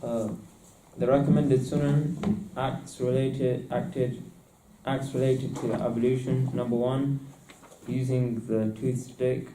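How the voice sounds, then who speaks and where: Man reading flatly in an echoey room. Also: medium pitch, slow, distant mic, background noise. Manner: reads numbered points steadily. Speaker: student reading aloud from the textbook. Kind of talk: reading a text aloud.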